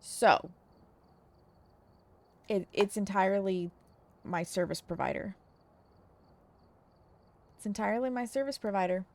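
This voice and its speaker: A woman's voice: medium pitch, slow pace, long pauses, no room sound. Woman streamer venting to chat, annoyed and swearing a bit, dry close mic. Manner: frustrated, venting, swears, talks straight to viewers. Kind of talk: casual live-stream chat to viewers.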